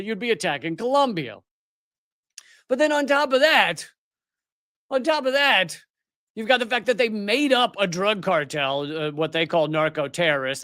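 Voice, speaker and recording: A middle-aged man hosts a live political commentary show, ranting over news clips in a heated, sarcastic, mocking way. His voice is high with a fairly bright tone, recorded at studio quality with no room sound.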